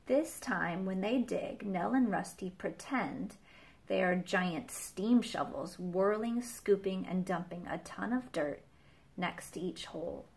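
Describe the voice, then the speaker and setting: A woman preschool teacher reading a picture book aloud to children, with gentle chatty asides to her little listeners. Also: lowish voice, slow pace, gravelly, a little hiss or hum.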